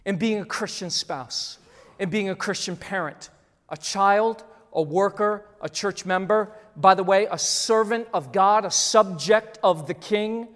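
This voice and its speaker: A pastor preaching a sermon, animated, repeating phrases, swinging between soft and loud. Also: medium pitch, slow pace. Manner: animated, repeating phrases, surging and dropping volume. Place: church hall. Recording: long hall reverb.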